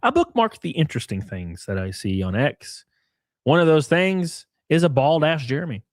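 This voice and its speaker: A man reacting on his stream in loose, mocking commentary, cursing freely and laughing often. His voice sits a little high and swings widely up and down. The sound is dry and close, with no room in it. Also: sing-song, normal speed, no echo. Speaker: streamer host.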